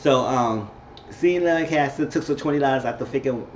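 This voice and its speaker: A man giving an animated, chatty recap of a TV episode, with quick asides. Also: medium pitch. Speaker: TV show reviewer. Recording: echoey, dull-sounding room with faint hiss.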